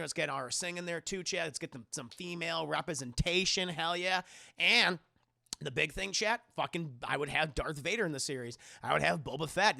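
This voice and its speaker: Excitable, gravelly male streamer. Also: on the high side, dry recording, studio quality. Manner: excitable, swears freely, laughs often. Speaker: livestream host. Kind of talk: casual livestream chat.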